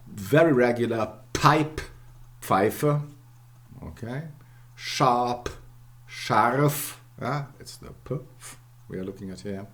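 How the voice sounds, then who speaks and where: A man's voice: on the low side, a bit bright. A man from Germany, giving a university lecture and repeating words often, checking in with "okay" and "yeah". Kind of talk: academic lecture.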